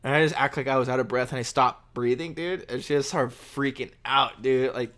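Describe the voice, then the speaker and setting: A man's voice: mid-range voice, fairly quick, a bit bright. A young man co-hosting a casual podcast chat, rambling storyteller full of "you know" and "dude". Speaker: podcast co-host.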